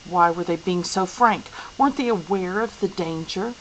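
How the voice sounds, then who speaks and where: A woman reading a novel aloud, clear and unhurried. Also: fairly low pitch, slight background noise, rough recording. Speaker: audiobook reader.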